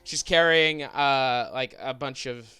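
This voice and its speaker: Bright-voiced man running a tabletop game. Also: medium pitch, steady tone, clear, resonant tone. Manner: halting, full of restarts. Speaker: dungeon master. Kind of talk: narrating a tabletop game stream.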